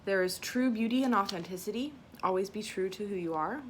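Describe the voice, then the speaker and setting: A woman's voice: medium pitch, brisk, a little hiss or hum. A woman vlogging an unboxing at home, reading affirmation cards and talking in an emotional, self-conscious way, a bit teary from crying. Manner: emotional and self-conscious, soft and tearful at times.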